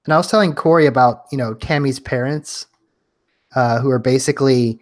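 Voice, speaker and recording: A man co-hosting a podcast in a casual chat, relaxed, asking questions and giving short agreeing replies. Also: mid-range voice, brisk. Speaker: podcast co-host.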